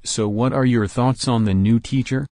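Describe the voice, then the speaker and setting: A man's voice: mid-range voice, steady tone, normal speed, darkish tone, no echo, clean studio sound, natural voice. A man voicing a chatty, cheerful teenage boy classmate in a fan story reading.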